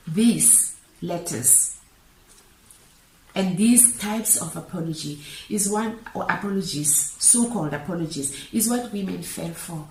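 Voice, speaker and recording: Slow, gravelly-voiced woman in an echoey room. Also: lowish voice, a little mellow. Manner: slow and deliberate, pausing often. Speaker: motivational speaker. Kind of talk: reflective monologue reading letters aloud. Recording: echoey room with faint background noise.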